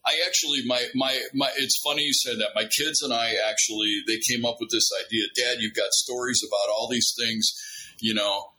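This guest, a middle-aged man, is a lively storyteller in a relaxed chat, performing the dialogue with many restarts. The audio is poor, and his mid-range voice moves fairly quickly.

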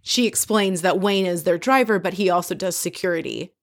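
A woman hosting a casual recap, telling the story in a chatty, animated way with frequent asides. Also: on the low side, a little fast. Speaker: podcast host recapping a reality show.

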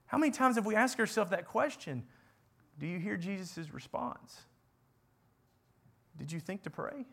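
A man preaching a sermon, building to impassioned repeated questions and sinking to quiet, earnest prayer. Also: high voice, lively intonation, moderate pace, gravelly, pauses often. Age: adult parent.

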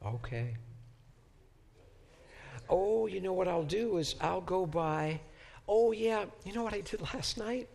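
A man teaching a Bible class in a high, gravelly voice, talking slowly. He halts and repeats words while he searches for how to say things, and he often turns statements into rhetorical questions for the class. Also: lively intonation, a little mellow. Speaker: professor. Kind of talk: Bible lecture.

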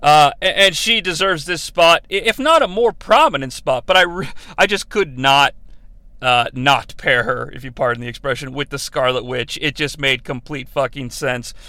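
A man's voice: a little high, moderate pace, bright, forceful tone, no echo. A man hosting a podcast, rambling and joking through casual wrestling commentary with plenty of swearing. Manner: rambling, profane and jokey, slipping into bits. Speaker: podcast host.

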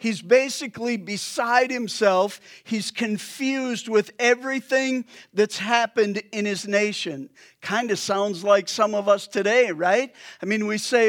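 Male pastor preaching; talks to the congregation conversationally, unhurried and light. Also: sits high. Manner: conversational, joking asides to the congregation. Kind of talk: sermon.

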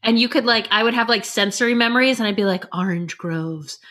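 A woman's voice: fairly high pitch, steady tone, racing, a bit bright. A woman in her forties chatting casually as a podcast co-host, telling family stories and acting out what people said. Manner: chatty storyteller who acts out family quotes. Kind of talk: casual chat.

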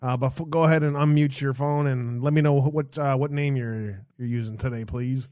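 A man's voice: mid-range voice, steady tone, fairly quick, warm tone, dry recording, clean studio sound. A man hosting a call-in show in loose, profane casual chat, laughing often.

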